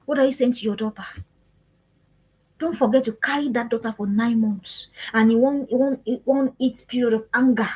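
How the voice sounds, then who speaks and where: Husky-voiced woman, earnest and preachy. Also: fairly high pitch, fairly even intonation, moderate pace, darkish tone, low-quality recording. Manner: earnest, repetitive preaching cadence. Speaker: parenting speaker. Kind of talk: live-streamed parenting talk.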